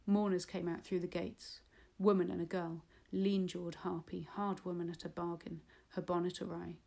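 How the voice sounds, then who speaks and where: A woman reads a literary novel aloud in a measured, unhurried audiobook style. Her voice sits a little low and stays level, with hardly any rise or fall. A gravelly fry runs under the words. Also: a little mellow. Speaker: audiobook reader.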